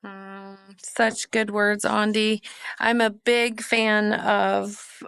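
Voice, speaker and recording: A woman hosting a podcast interview, telling a story in a warm conversational way. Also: medium pitch, level tone, extremely slow, vocal fry, clean tone, dry recording, clean studio sound. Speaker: podcast host.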